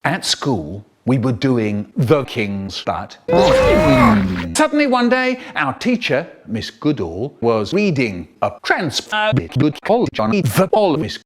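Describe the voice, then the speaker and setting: An older man with a British English accent, telling stories in a playful, expressive way. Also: mid-range voice, slow, background noise. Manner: animated, playful storyteller. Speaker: children's author and poet. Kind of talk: expressive storytelling, chopped into a comedy edit.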